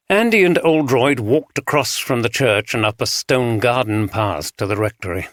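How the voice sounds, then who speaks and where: A man's voice: medium pitch, expressive, normal speed, few pauses, a bit bright, no echo. Male audiobook narrator, dry close sound. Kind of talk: scripted narration.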